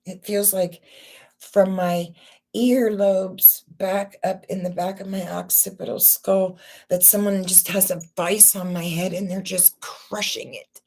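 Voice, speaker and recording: A woman hosting her personal vlog vents raw and tearful, swearing and stumbling through halting restarts in obvious distress. Her voice is medium-pitched, slightly mellow, with little pitch movement.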